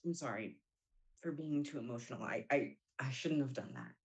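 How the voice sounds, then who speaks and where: Girl acting as a lonely young woman begging on a voicemail, halting and emotional. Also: low-pitched, a little mellow. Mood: pleading. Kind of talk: stage monologue.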